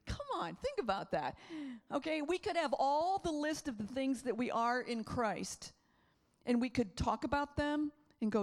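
Animated woman preaching a sermon. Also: high voice, moderate pace. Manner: animated, acts out quoted voices, laughs often.

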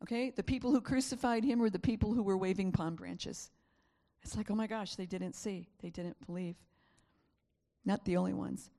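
A woman's voice: mid-range voice, fairly even intonation, normal speed, vocal fry, dark tone, in a large hall. A woman preacher giving an emphatic, repetitive sermon and sometimes dropping to a whisper.

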